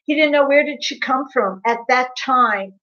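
A woman's voice: high-pitched, moderate pace, bright, forceful tone. A woman hosting a casual livestream, chatting in a gossipy, laughing way and answering viewers' comments by name. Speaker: livestream host. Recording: dull lo-fi livestream audio.

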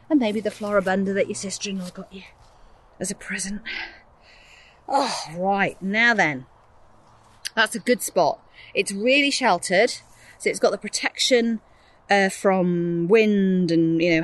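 English woman pottering in the garden, rambling and laughing at herself, mid voice. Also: mid-range voice. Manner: chatty, self-deprecating, rambling asides. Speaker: gardening podcast host. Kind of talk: casual chat while gardening. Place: outdoors in a garden.

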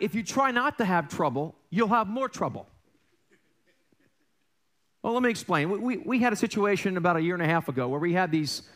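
A man's voice: on the high side, a bit bright. A middle-aged man preaching a casual sermon as a pastor, joking and asking the congregation questions. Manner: conversational, self-deprecating, jokey storytelling; frequent restarts and rhetorical questions to the congregation. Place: church sanctuary.

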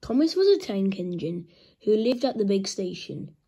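A woman reading a children's story aloud in a slow, gentle storybook manner. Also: mid-range voice, very animated, breathy edge.

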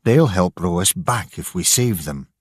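A man voicing a quiet, resolute middle-aged father who keeps a lighthouse, in a storybook reading. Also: low-pitched, animated, a little slow, husky, dry recording, studio quality, exaggerated voice. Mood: quiet resolve. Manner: quiet and firm.

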